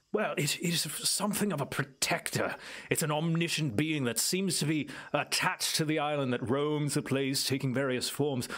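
A man's voice: fairly high pitch, a bit bright, voice pushed up. A man voicing a courteous, well-read male ettercap islander in a tabletop game, speaking in polite, formal phrases. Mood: genteel. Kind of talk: tabletop role-play character voice.

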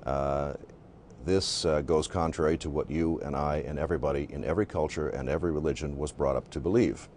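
A man with a very deep voice talks through ideas in long explanations, often stopping with uh and um. A faint ambient hiss sits behind him. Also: fairly even intonation, darkish tone. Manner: explanatory, with frequent uh and um pauses. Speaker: author and guest. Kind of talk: interview answers.

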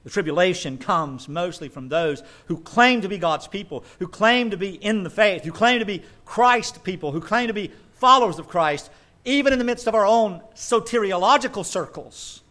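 A man preaches with a fairly high voice. He drives his points hard and then drops into quick, dry asides. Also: lively intonation, bright, forceful tone. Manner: emphatic preaching with asides and mock quotes. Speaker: pastor. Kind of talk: sermon.

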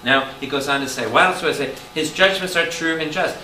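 Priest, lively preacher firing questions at the room, heard from far off in an echoey hall with noise behind him. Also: male voice, on the high side, a little fast. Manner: animated, calls out questions to the room. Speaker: priest teaching Bible study. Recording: roomy hall taped from a distance with noise.

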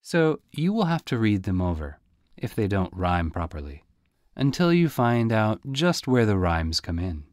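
A man reads a children's storybook aloud with folksy warmth in his telling, his lowish voice rising and falling freely. The recording is dry and close, with no room around it. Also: very animated, a little slow, no room sound. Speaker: audiobook reader. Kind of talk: storybook narration.

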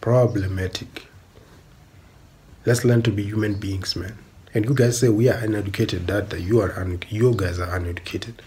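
A man's voice: fairly low pitch, fairly even intonation, moderate pace, a little mellow, slight background noise. Blunt ranting South African man. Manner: blunt, repetitive, swearing, emphatic. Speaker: streamer. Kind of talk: angry ranting monologue.

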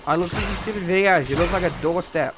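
A man's voice: high voice, fast, background noise. A male streamer trash-talking players during a live game stream, mocking and sarcastic.

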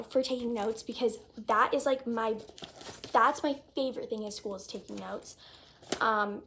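In this haul video, a teenage vlogger gushes over her stuff in a chatty way, leaning heavily on "like" as filler. She sounds a little high-pitched, with a faint hiss or hum on the recording.

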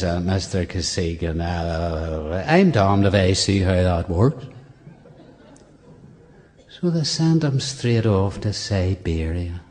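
A man's voice: lowish voice, dark tone. A man with a Northern Irish accent reciting a comic poem with dry storytelling and asides, in a performance hall.

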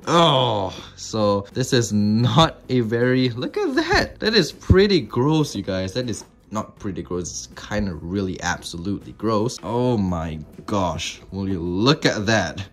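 Lively, rambling man vlogging at home. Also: fairly low pitch. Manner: rambling, joking, excitable. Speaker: reptile and tarantula keeper, channel host. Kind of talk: casual hobby vlog.

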